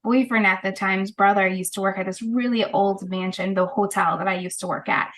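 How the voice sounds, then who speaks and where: A woman guest and holistic practitioner telling her story in a casual interview, animated and brisk with frequent laughs. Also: mid-range voice.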